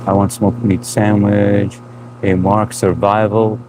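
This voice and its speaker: Laid-back livestream host, male, fairly low voice, accent mixing Indian and New England, faint noise behind. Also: takes it slowly. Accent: mix of Indian and New England. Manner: relaxed, chatty, laughs often, trails off in restarts. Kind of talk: casual live-stream chat reading comments.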